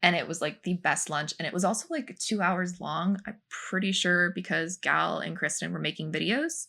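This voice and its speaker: A young woman co-hosting a podcast, telling animated behind-the-scenes stories in casual chat full of fillers. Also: on the low side, moderate pace, creaky. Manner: animated storytelling, many fillers. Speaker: podcast co-host, former film extra.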